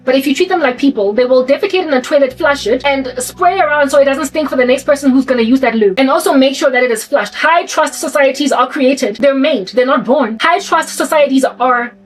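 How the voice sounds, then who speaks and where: A woman's voice: high-pitched, fast, few pauses, low-quality recording. A woman giving an impassioned, rhetorical monologue, often repeating her questions. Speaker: channel host. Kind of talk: monologue commentary.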